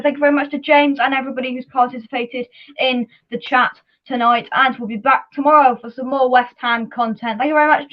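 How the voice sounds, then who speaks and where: High-voiced woman hosting a fan chat. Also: lo-fi sound. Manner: chatty, hesitant with many ums. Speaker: fan channel host. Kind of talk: casual live fan preview chat.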